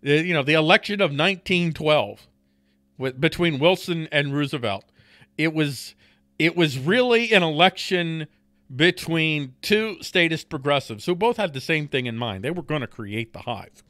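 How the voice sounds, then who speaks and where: A man's voice: fairly high pitch, animated, moderate pace, fairly bright tone, no room sound. A man hosting a podcast, delivering a profane political rant in a heated way, stumbling over and repeating words and laughing between points. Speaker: podcast host.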